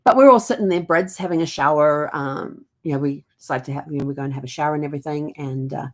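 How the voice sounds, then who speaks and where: Speaking fast in a low-pitched voice, this New Zealand woman in middle age tells family stories for her genealogy vlog. It's relaxed storytelling with the occasional laugh.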